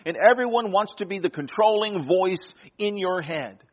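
A man preaching a sermon, swinging between loud, emphatic lines and hushed, quiet ones. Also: high voice, expressive, normal speed, dull audio.

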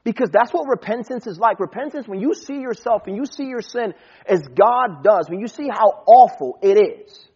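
A man with a high, slightly husky voice preaches a casual, conversational sermon. He quotes scripture and slips briefly into the voices of the people in the stories. The recording sounds dull and lo-fi. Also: expressive, moderate pace, darkish tone.

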